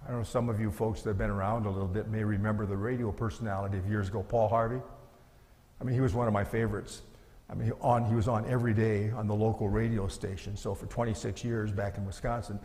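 A man's voice: fairly low pitch, level tone, fast talker, a little mellow, big-room sound. A middle-aged male pastor preaching a sermon in an earnest, conversational way, asking his listeners rhetorical questions.

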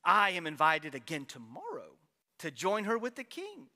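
A man's voice: high voice, huge pitch swings, normal speed, sharp tone, in a large hall, voice pushed down, full character voice. A man reading as a proud, resentful official. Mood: boasting.

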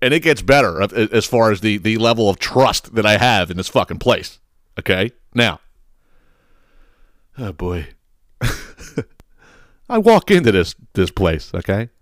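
A man from the United States hosting a podcast, telling a comedic story in a profane, animated way with stammering restarts. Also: fairly low pitch, unhurried, long pauses, no echo, clean studio sound. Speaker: podcast host.

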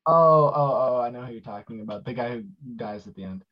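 A man chatting casually as co-host, animated, swinging between loud bursts and quiet asides. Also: medium pitch, fairly quick. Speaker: podcast co-host. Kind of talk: casual chat. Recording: dull lo-fi sound.

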